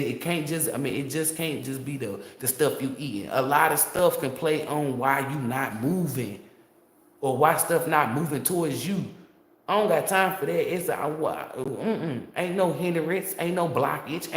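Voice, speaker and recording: Heated, profane man ranting in an echoey room. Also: medium pitch. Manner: heated, profane, rambling rant. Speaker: tarot reader. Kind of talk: tarot reading monologue.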